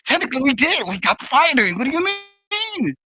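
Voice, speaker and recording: A woman's voice: high voice, very animated, fairly quick, pushed and bright, husky, no echo, faint music behind. A woman playing in a tabletop game, chatting casually with stumbling restarts. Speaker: player. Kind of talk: tabletop role-play chat.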